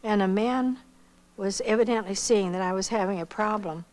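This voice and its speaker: An older woman from the United States telling a personal testimony slowly and reflectively, acting out the voices of the people she quotes. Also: medium pitch, darkish tone, poor audio. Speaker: missionary giving testimony.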